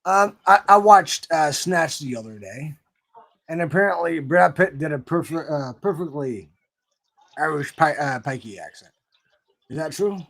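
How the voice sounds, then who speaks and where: Guy cracking jokes in a chat, stumbles over words, slightly high voice. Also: animated, unhurried, creaky, fairly bright tone. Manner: joking, hesitant with stammered restarts. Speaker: chat guest. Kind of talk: casual chat.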